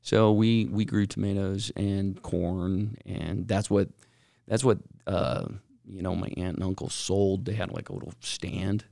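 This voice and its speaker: Gravelly, excitable man telling stories. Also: deep voice, a little slow, no room sound, clean studio sound. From Utah, Salt Lake Valley. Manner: excitable, rambling storyteller. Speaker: podcast co-host. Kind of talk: casual podcast chat.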